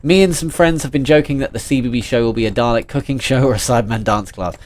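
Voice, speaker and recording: Speaking quickly at a medium pitch, a man runs a livestream, joking around as he reads chat messages aloud and responds to them in a casual, playful way.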